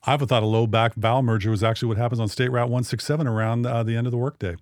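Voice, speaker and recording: A man's voice: medium pitch, steady tone, rapid-fire, dry recording. A man from the Pacific Northwest co-hosting a local podcast, rambling and joking as he corrects himself mid-sentence. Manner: jokey, rambling, self-correcting. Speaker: podcast co-host. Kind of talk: casual chat.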